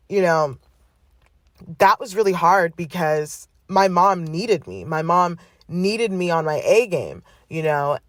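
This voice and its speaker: A woman hosting a podcast, speaking in a candid personal monologue, blunt and full of swearing, with halting restarts. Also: on the low side, dry recording, studio quality. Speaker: podcast host.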